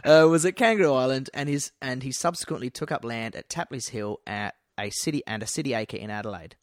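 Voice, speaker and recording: A man's voice: medium pitch, fairly quick, no room sound. Male podcast co-host, casual rambling storyteller, swears a lot, dry close recording. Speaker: podcast co-host telling a local history story. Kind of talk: casual banter.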